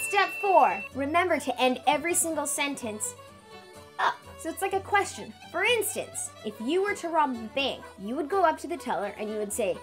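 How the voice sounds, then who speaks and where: Bouncy high woman in a mock tutorial. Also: big pitch swings, normal speed, fairly bright tone, faint music behind. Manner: bouncy, playful, mock-earnest. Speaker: comedian teaching a mock lesson. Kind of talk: comic sketch, mock tutorial.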